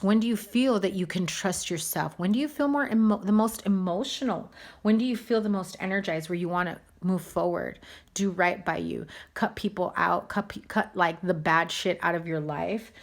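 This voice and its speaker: A woman giving a casual tarot reading to her viewers, chatty and animated, cursing now and then. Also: mid-range voice. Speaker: tarot reader.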